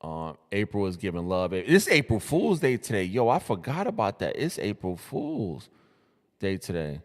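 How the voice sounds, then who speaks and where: A young man from New City, hosting a casual live stream and reacting to social media posts in hyped, slangy talk full of repeated greetings and shout-outs. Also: on the low side, huge pitch swings, normal speed, big-room sound. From New York City.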